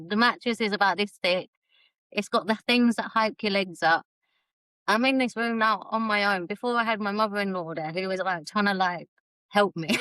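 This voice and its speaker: A woman's voice: mid-range voice, fairly bright tone, no echo, low-quality recording. A woman, a podcast guest, retelling a personal story in a chatty way and laughing often. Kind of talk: casual storytelling conversation.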